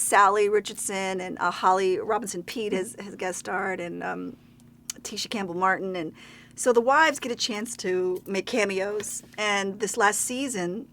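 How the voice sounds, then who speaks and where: A woman's voice: medium pitch, a bit bright, a little hiss or hum. A woman in her forties from Baltimore, a talk show guest chatting animatedly and laughing often as she tells stories. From Baltimore, USA. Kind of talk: casual chat.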